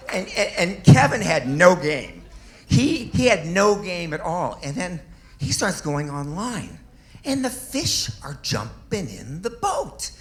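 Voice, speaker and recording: A man in his fifties doing a stand-up comedy set on a club stage, delivering self-deprecating punchlines with little chuckles. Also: on the high side.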